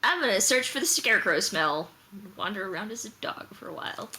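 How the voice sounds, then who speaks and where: A woman player stating her actions in quick, offhand chat. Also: mid-range voice, expressive, bright, forceful tone. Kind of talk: casual game chat.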